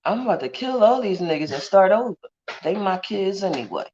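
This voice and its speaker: A woman's voice: mid-range voice, very animated, a little fast, darkish tone, muffled recording, a little hiss or hum. A woman talking bluntly and heatedly in a profane livestream rant. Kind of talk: ranting livestream monologue.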